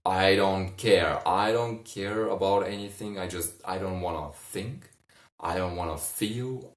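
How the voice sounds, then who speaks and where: A man doing a drunk, despairing man. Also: low voice. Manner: drunken, pleading. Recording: roomy, distant mic.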